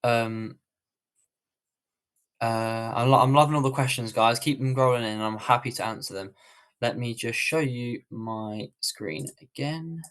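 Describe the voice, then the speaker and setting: A man's voice: medium pitch, unhurried, fairly bright tone. A man with a British accent answering viewer questions on a livestream tutorial, in a casual, rambling way with many fillers and restarts. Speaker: online coach.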